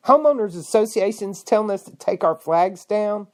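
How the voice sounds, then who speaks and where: A woman host in full rant, fiery and indignant, firing off rhetorical questions. Her pitch leaps high in outbursts and sinks low when she mutters. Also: animated, moderate pace, few pauses. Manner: fiery, indignant, swings between shouting and muttering. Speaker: podcast host. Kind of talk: angry political rant.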